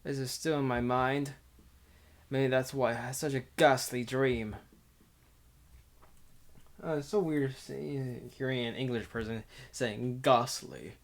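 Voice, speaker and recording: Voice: mid-range voice, fairly even intonation, slow, pauses often. Giggly casual visual novel reader. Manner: casual and giggly, stumbles and restarts while reading. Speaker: game streamer reading a visual novel aloud. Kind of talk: casual visual novel read-through with commentary.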